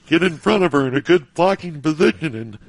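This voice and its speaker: A man voicing an earnest, deadpan former football lineman in a comedy sketch, in an odd put-on voice. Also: fairly high pitch, fairly quick, vocal fry. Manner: earnest, deadpan, backs up his partner. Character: earnest ex-football lineman, gets emotional easily. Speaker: co-host of a kids' special teams camp.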